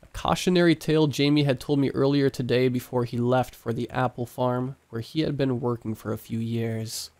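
A man narrating a scripted horror story in a hushed, suspenseful way. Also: mid-range voice, steady tone, normal speed, hardly any pauses.

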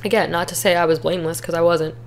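A woman's voice: lowish voice, steady tone, fast talker. Tearful young woman sharing her testimony. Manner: candid, earnest, emotional at times. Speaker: podcast host. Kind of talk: personal testimony, casual.

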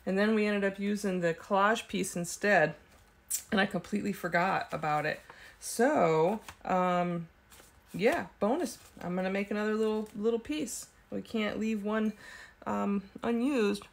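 A woman's voice: mid-range voice, measured pace, gravelly. A woman hosting a casual craft video, chatting and thinking aloud as she works at her desk. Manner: talks with frequent ums and small laughs. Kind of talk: casual craft tutorial chat.

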